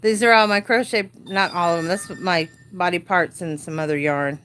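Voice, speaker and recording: A woman in her forties with an American accent, hosting a casual crafting livestream from a dark room at home, chatty and easily distracted, laughing often. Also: lowish voice, steady tone, normal speed, few pauses, a little hiss or hum. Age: 40s. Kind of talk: casual live chat.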